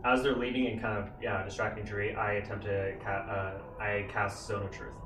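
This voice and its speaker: A man's voice: lowish voice, flat delivery, moderate pace, music in the background. Hesitant rules-minded male player. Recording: echoey room, far from mic.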